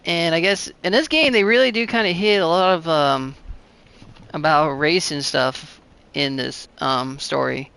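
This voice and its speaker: A man's voice: on the high side, a little slow, vocal fry, bright, forceful tone, clean tone. A man doing casual, rambling commentary over a story game, chatty and full of fillers. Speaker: gaming channel host.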